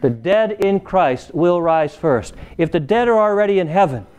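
A man delivering a sermon in a smooth, resonant voice that sits a little higher than most men's. He talks to his congregation conversationally and keeps pausing to ask them to fill in the next word. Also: lively intonation, darkish tone. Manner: conversational preaching with call-and-response questions. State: recovering from illness. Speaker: preacher.

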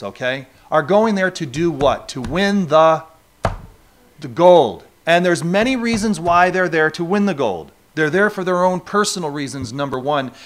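A man's voice: a little high, a bit bright. A man from New York State preaching a sermon, talking conversationally and asking the congregation rhetorical questions. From New York State, USA. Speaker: pastor.

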